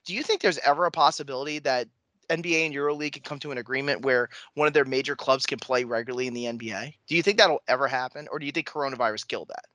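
A man's voice: medium pitch, rapid-fire, sharp tone, no echo. A man co-hosting a sports podcast in casual chat, joking and rambling as he corrects himself along the way. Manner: jokey, rambling, self-correcting. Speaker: podcast co-host.

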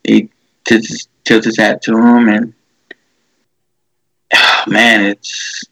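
Man, low gravelly voice, dry close sound; chatty co-host who rambles and restarts. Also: completely flat delivery, drawn-out words, sharp tone, dry recording, poor audio. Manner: rambling, many fillers and restarts, acts out quotes. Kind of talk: casual chat, retelling a movie.

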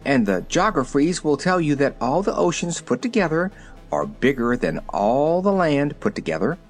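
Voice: mid-range voice, sing-song, normal speed, soft background music. A reader voicing an earnest, plain-spoken little girl in a storybook reading.

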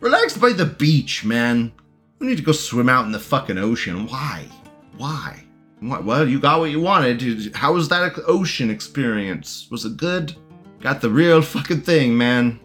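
A man's voice: medium pitch, very animated, unhurried, fairly bright tone, breathy edge, faint music behind. A young man hosting a livestream, ranting crudely and profanely in casual commentary and laughing often. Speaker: livestream host reading chat.

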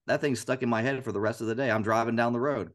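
A man co-hosting a podcast, talking about scripture in an earnest, animated way and repeating phrases aloud to show a point. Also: mid-range voice, fast. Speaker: podcast co-host. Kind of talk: casual Bible discussion.

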